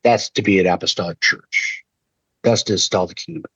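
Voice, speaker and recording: A man's voice: sits low, steady tone, brisk, fairly bright tone, husky, no echo. A middle-aged man telling a personal story in an earnest, preacher-like keynote talk. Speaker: leadership speaker. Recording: dull lo-fi dry recording.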